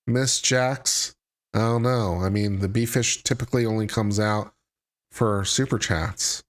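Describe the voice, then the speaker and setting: A man hosting a live stream, reading a court filing aloud and breaking off into dry, sarcastic commentary. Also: fairly low pitch. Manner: reads legal text aloud then breaks off into sarcastic asides. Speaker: legal commentary host.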